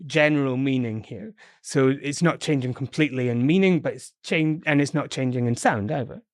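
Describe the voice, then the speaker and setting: A man's voice: mid-range voice, moderate pace, dry recording, clean studio sound. A man with a British accent teaching English in a podcast lesson, explaining patiently and encouragingly with frequent fillers.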